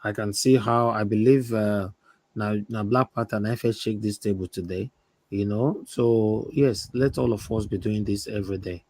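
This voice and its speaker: A man with a Nigerian accent hosting a live online panel talk, animated and mixing in Pidgin banter as he urges his guests on. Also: fairly low pitch, moderate pace, no room sound. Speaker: show host.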